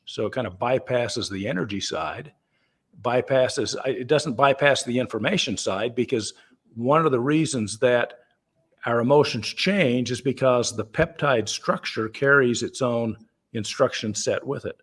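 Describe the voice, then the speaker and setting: A man's voice: mid-range voice, measured pace, fairly bright tone, husky. A man founder explaining things in a conversational call, easygoing and chatty, with fillers and restarts. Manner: acts out everyday dialogue in the voices of the people in his examples. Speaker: company founder answering questions.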